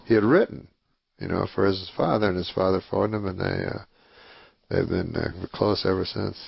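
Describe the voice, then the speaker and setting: A man from Canada, a talk show guest, telling a story in a deadpan, rambling way full of fillers. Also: deep voice, normal speed, gravelly, husky, no echo, muffled recording. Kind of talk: casual chat.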